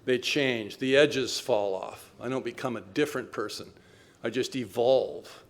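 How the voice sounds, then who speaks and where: A man's voice: mid-range voice, unhurried. A man in his seventies giving a personal talk at a recovery meeting, telling his story in a wry, self-mocking way. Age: 70s.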